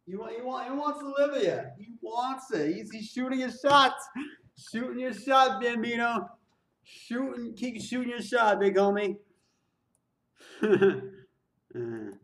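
Excitable man reacting to music. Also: extremely high pitch, unhurried, long pauses, echoey room, far from the mic. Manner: excitable, repeats lines back, exclaims and laughs. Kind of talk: casual reaction commentary.

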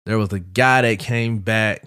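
A man hosting a podcast, telling a travel story in a casual, animated way, swearing freely and acting out what people said. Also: on the low side, unhurried, clear, resonant tone, no echo, clean studio sound. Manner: profane, animated, quotes people in his story. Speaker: podcast host.

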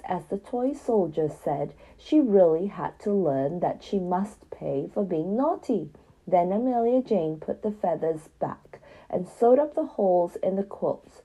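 Husky woman reading a children's story. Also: fairly low pitch, mellow, rough recording.

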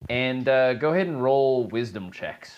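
A man's voice: mid-range voice, lively intonation, a little slow, muffled recording. A man narrating as game master of a tabletop game, loose and chatty with many fillers and easy laughs. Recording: casual podcast recording.

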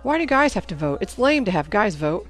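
A woman's voice: medium pitch, expressive, quick pace, faint music behind, voice pushed up, close to an everyday voice. A woman voicing a rebellious teenage schoolboy who complains and scoffs, in a storybook reading. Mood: scoffing.

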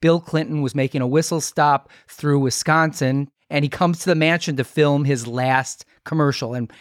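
A man's voice: on the high side, fairly even intonation, normal speed, dry recording, studio quality. A man hosting a talk show, laughing along and trading his own stories. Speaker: podcast host. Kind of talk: casual interview chat.

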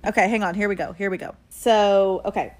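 A woman co-hosting a casual book podcast, reading passages aloud and getting excited about them. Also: mid-range voice, brisk. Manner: excitable, reads passages aloud, squeals and laughs. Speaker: podcast co-host. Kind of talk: casual book club chat.

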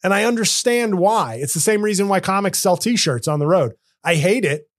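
A man's voice: high voice, lively intonation, moderate pace. A man hosting a comedy podcast, talking casually in rambling, self-interrupting runs with joking asides. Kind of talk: casual chat.

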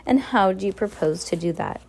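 A woman's voice: mid-range voice, lively intonation, a little fast, gravelly, a little mellow, breathy edge. A woman doing a sneering vain villainess. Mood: mocking. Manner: mocking, sneering. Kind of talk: audiobook reading.

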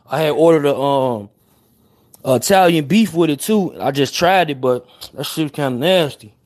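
On a livestream, a young man from Chicago talks casually to his viewers with a Chicago accent and brash street slang, apologizing again and again. His voice is on the high side with a darkish tone, at a moderate pace.

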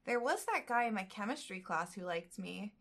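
A woman's voice: mid-range voice, expressive, normal speed, fairly bright tone. A woman co-hosting a casual podcast, reading a novel aloud and breaking off into joking asides.

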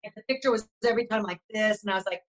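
A woman co-hosting a talk show, telling fan stories in a gushing, animated way. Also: medium pitch, rapid-fire, rough recording. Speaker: co-host. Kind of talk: casual chat.

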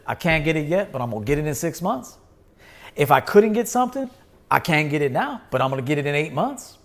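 A man's voice: fairly high pitch, lively intonation, fairly quick. A man hosting his own show, talking in a blunt, emphatic monologue, swearing and repeating himself for force. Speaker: podcast host. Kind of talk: casual livestream monologue.

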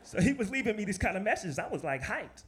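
Animated man telling a story. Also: high-pitched, fast talker, a little hiss or hum. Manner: animated, laughing, casual and profane; acts out other people's lines in lively quoted voices. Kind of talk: live personal storytelling.

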